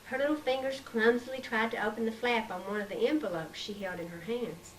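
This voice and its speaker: A woman reading her own story aloud in a measured, expressive way, recorded on an old tape. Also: on the high side. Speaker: author reading her book. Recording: distant mic, faint hiss, 1990s tape.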